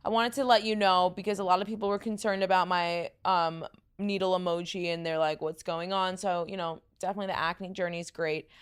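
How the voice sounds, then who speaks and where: A woman's voice: on the low side, fairly even intonation, fairly quick, clean tone. A young woman with a New York accent, hosting a casual podcast, tired and rambling, laughing often. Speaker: podcast host. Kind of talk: casual chat.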